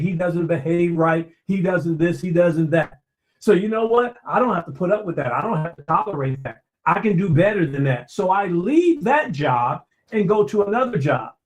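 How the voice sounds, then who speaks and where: A man giving a motivational talk, preacherly, repeating phrases for emphasis and talking straight to his listeners. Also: sits high. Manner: addresses listeners directly, conversational asides. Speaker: motivational speaker.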